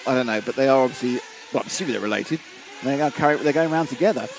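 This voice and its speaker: A man's voice: medium pitch, racing, noisy background. A man doing live commentary on a model car race, chatty and reading out viewer comments.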